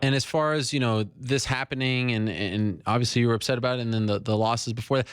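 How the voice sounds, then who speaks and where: A man's voice: mid-range voice, steady tone, fast talker, clear, resonant tone, no echo, clean studio sound. A man working as a reporter, asking long multi-part interview questions.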